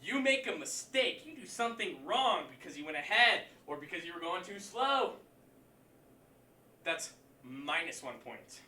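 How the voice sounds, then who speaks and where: A man teaching a martial arts class online, counting out moves, shouting kiai and giving encouraging pep talks. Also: high voice. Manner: encouraging, pep-talk delivery. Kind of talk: leading a livestream class. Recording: echoey room, voice far from mic.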